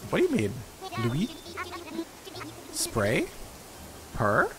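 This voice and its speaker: A man's voice: medium pitch, wildly swooping pitch, drawn-out words, crowd noise. A man giving playful, chatty commentary while streaming a game, talking back to the characters on screen. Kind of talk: casual gameplay commentary. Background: game music.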